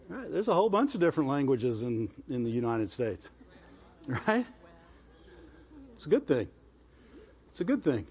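A man with a rural Southern US accent preaching a sermon, exhorting the congregation and often repeating himself and asking for an "Amen". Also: high-pitched. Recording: dull lo-fi recording.

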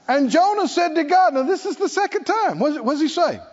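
A man preaching a sermon, lively and playful, acting out scripture scenes with laughter. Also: very high voice, a little fast, hardly any pauses. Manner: animated, acts out Bible figures with laughter. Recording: lo-fi recording in a reverberant hall.

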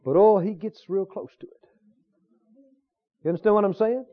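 Emphatic high-pitched preacher, lively. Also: male voice, normal speed, pauses often, highs cut off. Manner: emphatic preaching with repetition and questions to the congregation. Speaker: pastor. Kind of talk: sermon.

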